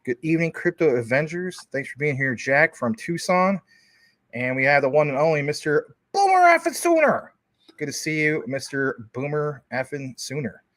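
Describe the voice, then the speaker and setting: A man's voice: a little high, sing-song, normal speed, a bit bright, no echo. A man co-hosting a casual livestream, greeting viewers and reading their comments in an upbeat, jokey way. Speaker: livestream co-host.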